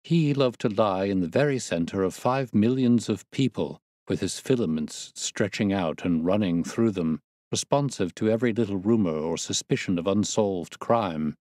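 A man with a low voice reads a classic story aloud, his delivery formal and measured but rich in pitch movement. The sound is dry and close to the mic, with no room around it. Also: no room sound. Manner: measured, formal, expressive reading. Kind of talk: scripted audiobook narration.

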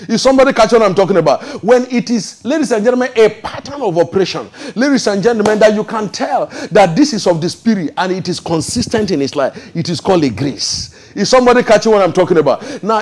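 Male preacher, high voice, emphatic sermon delivery, repetitive call-outs to the congregation, shifts between rapid and slow, drawn-out lines. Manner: emphatic, repeats "ladies and gentlemen", asks the crowd if they follow; swings between fast rushes and slow drawn-out proclamations. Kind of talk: preaching sermon with prophetic declarations.

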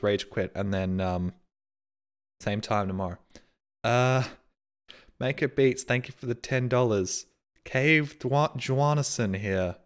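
A man streaming live, reading out viewer donations and messages in casual, self-mocking, sarcastic banter. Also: fairly low pitch.

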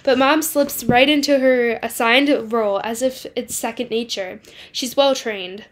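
A woman's voice: fairly high pitch, steady tone, a little slow. Woman reading a novel aloud. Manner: first-person reading with small slips. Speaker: book club host.

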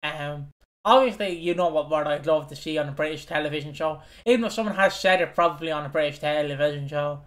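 A man's voice: fairly high pitch, quick pace, fairly bright tone. A young Irish man co-hosting a casual chat show, rambling and swearing with lots of fillers and giggles. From Ireland. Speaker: podcast co-host.

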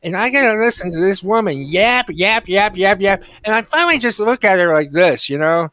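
Podcast co-host, male, high voice, profane animated storyteller, dry booth. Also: brisk, no room sound.

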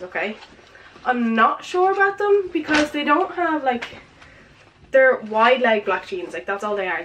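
A woman's voice: mid-range voice, fairly bright tone, slight background noise. A teenage woman chatting through a present haul, out of breath, saying "like" and "um" constantly. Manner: chatty, filler-heavy, lots of "like" and "um". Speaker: vlogger. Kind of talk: casual present haul vlog. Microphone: camera with ring light.

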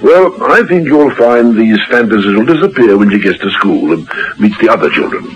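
A calm, kindly old doctor. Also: male voice, on the low side, normal speed, a little hiss or hum. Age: older. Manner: calm, explanatory. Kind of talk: 1950s radio drama acting. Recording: dull old radio recording.

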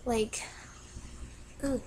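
A woman's voice: very slow, crowd noise, rough recording. Hyper rambling woman vlogger. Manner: hyper and rambling, many "like" fillers. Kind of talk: casual rant to viewers.

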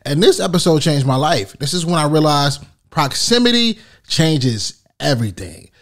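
A man's voice: on the high side, big pitch swings, moderate pace. Man, podcast host, casual, friendly address to listeners. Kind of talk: podcast intro and interview.

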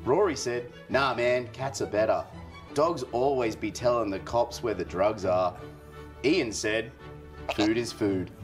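A man trading dark jokes in casual banter. He laughs through his lines and swears casually. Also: medium pitch, a little slow, soft background music. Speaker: joke-telling podcast co-host.

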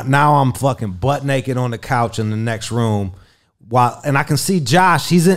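A man telling a crude story in casual chat, swearing constantly and acting out quotes in a raised voice. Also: mid-range voice. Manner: profane, animated, acts out quotes in a raised voice. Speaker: radio personality and interview guest.

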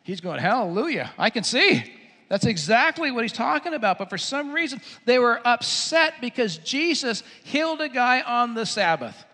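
A male pastor preaching a sermon, telling a Bible story in an animated way and acting out its scenes. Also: very high voice, normal speed, few pauses. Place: church. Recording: echoey hall.

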